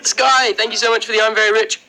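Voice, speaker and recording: A man's voice: sits high, level tone, fast talker, pushed and bright, poor audio. An Irish man chatting casually on a livestream, rambling through viewer questions with plenty of ums and likes and frequent laughs. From Ireland. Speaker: livestream host.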